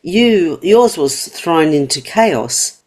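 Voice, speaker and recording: A woman hosts a podcast interview in a low voice. She speaks in an empathetic, affirming way, responding warmly to her guest's story. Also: animated, very slow. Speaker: podcast host. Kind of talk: interview hosting.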